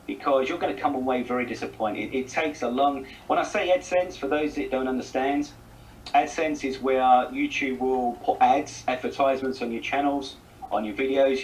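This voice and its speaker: A man's voice: medium pitch, recorded from a distance, a little hiss or hum, rough recording. Chatty South East English man, off-mic. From South East England. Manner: chatty, repeats his words as he talks. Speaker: guest. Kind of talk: casual chat.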